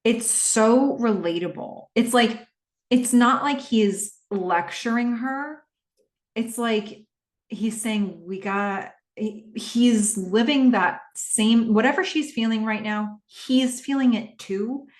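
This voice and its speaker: A woman's voice: fairly high pitch, takes it slowly, echoey room. Chatty woman recapping a TV episode. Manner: chatty, animated retelling with many fillers. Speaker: podcast host. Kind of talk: casual TV rewatch recap.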